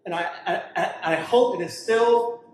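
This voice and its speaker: A man's voice: high-pitched, measured pace, a little hiss or hum. A man doing stand-up, telling a travel story and acting out his own panicked reactions. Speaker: stand-up comedian. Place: brewery comedy show. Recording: echoey room.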